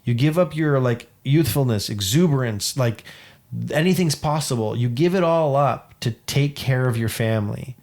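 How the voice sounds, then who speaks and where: A man's voice: mid-range voice, lively intonation, moderate pace, darkish tone. A man in his late thirties, a podcast co-host telling a personal family story in an earnest, heartfelt way during casual chat. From Canada. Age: 30s. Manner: earnest storytelling, acts out quoted family dialogue. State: dad.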